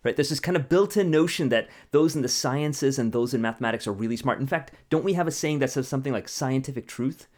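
A man's voice: medium pitch, fast, few pauses. A man, a mathematician, explaining ideas conversationally with analogies, often checking in with a rhetorical "right?". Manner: animated, asks rhetorical questions and tags "right?". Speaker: mathematician guest.

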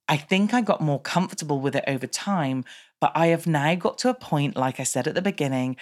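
A woman in her thirties with a British accent, a business coach telling a candid personal story in an animated monologue. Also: sits low. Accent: British English.

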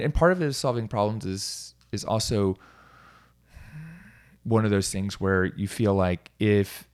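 Low-voiced man rambling casually. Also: a little mellow, clean tone. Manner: rambling, self-interrupting, laughs at himself. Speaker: coach. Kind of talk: casual solo talk.

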